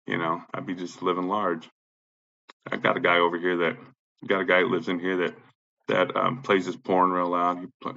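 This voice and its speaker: A man from Illinois rants with agitated energy, cursing at nearly every turn. His voice has a bright, forceful edge, and the recording sounds slightly dull and lo-fi. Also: creaky. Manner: agitated, swearing constantly, says he is high. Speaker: tenant complaining about his apartment complex. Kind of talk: angry profane rant.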